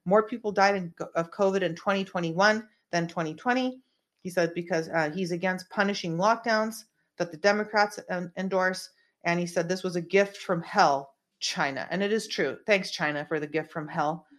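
A woman's voice: on the low side, moderate pace. Brief: woman host, rambling conspiratorial commentary, lots of fillers, small room. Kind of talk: casual political commentary.

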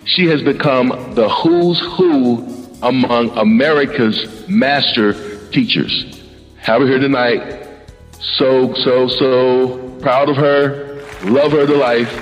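A man hosting a podcast panel, praising his guests warmly and stumbling over repeated words. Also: mid-range voice, takes it slowly, long reverb tail, dull audio, faint music behind. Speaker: podcast host. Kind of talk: emotional panel introduction.

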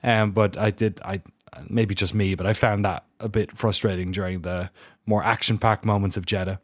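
Low-voiced Irish podcast host, dry sound. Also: male voice, level tone, moderate pace, no echo. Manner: rambling, self-correcting. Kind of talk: casual podcast chat.

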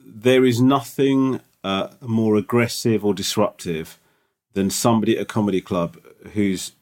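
A touring comedian co-hosting a podcast, talking in a teasing, expressive way. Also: male voice, fairly low pitch, moderate pace. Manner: teasing, expressive, lively delivery. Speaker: podcast co-host. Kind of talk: casual chat.

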